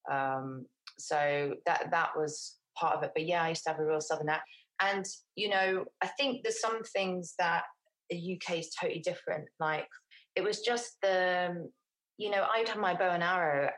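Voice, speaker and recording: A woman's voice: lowish voice, fairly bright tone, low-quality recording. A middle-aged woman from England, talking casually as an interview guest, rambling with many restarts and fillers.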